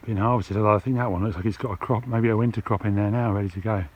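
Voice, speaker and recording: Hiking over hills outdoors, a man from England gives relaxed, chatty commentary to his camera, using fillers as he thinks aloud and getting winded on the climbs. His voice is on the low side, husky and racing. Music plays behind the dull, lo-fi audio.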